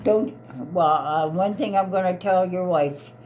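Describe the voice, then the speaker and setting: A woman's voice: fairly low pitch, a little slow, a little mellow, muffled recording, a little hiss or hum. A woman in her eighties, an elderly mother, arguing in an upset, pleading way and repeating herself. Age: 80s. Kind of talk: heated family argument.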